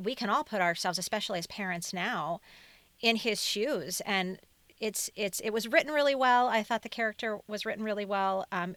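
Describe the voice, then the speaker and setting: A woman co-hosting a podcast, talking in an animated, casual way about a movie. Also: mid-range voice, no echo. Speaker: podcast co-host. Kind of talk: casual chat.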